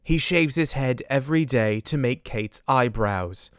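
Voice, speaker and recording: A comedian doing a put-on English accent as an earnest, clueless young royal man, reading absurd confessions from his memoir in a solemn, deadpan audiobook style. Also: mid-range voice, measured pace, clear, resonant tone, no echo, clean studio sound, lightly acted. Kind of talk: parody audiobook narration.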